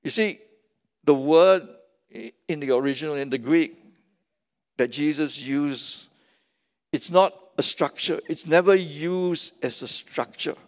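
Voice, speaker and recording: A man's voice: a little high, a little slow, long pauses. A man preaching a sermon as pastor, emphatic and repeating key phrases for stress, recorded in a large church hall. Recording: long reverb of a large hall.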